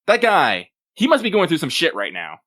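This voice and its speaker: Lively, bright-voiced man joking around. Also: fairly high pitch, moderate pace. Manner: playful and jokey, with mock-dramatic asides. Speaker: podcast co-host reading mailbag. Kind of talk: casual chat.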